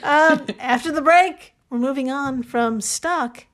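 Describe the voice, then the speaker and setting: A woman's voice: high-pitched, slow, a bit bright. A woman co-hosting a podcast, telling a story in casual chat, laughing often and swearing freely. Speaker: podcast co-host.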